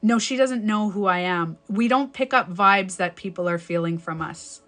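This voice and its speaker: A young adult woman who works as a life coach gives advice on a live stream, speaking candidly and emphatically, swearing casually and correcting herself mid-sentence as she rambles. Her voice is mid-range and fairly bright, at a moderate pace, with faint music behind her.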